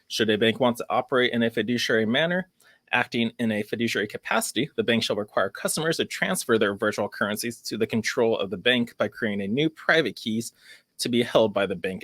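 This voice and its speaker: Guy doing a crypto news vlog, mid pitch, reads the article then gets kinda sarcastic and worried, dry close sound. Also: fairly bright tone, dry recording. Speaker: crypto channel host. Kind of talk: casual news commentary vlog.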